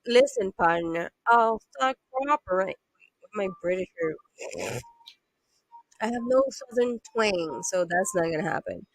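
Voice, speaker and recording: A woman's voice: medium pitch, lively intonation, a little slow, pauses often, no room sound, poor audio. Cowboy game character, as a woman reads him out. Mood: folksy. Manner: drawling folksy talk without a twang.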